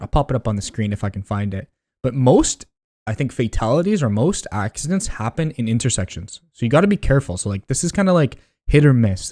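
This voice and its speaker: Young male vlogger, casual rant to camera, lively swinging delivery, exasperated and slangy. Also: mid-range voice. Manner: animated, exasperated, slangy, addresses viewers as buddy and dude. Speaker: driving vlogger ranking habits.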